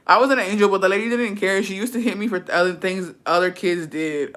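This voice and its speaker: A woman's voice: mid-range voice, fairly quick, hardly any pauses, a bit bright. A young woman streaming, chatting casually and reading comments aloud, profane and sassy, laughing often. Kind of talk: casual live-stream chat.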